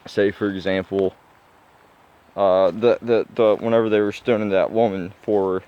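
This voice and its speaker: A man's voice: fairly low pitch, steady tone, moderate pace, clear, resonant tone. Rambling young man, lo-fi sound. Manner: rambling, full of fillers and restarts. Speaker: vlogger. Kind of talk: casual rambling monologue. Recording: dull lo-fi sound.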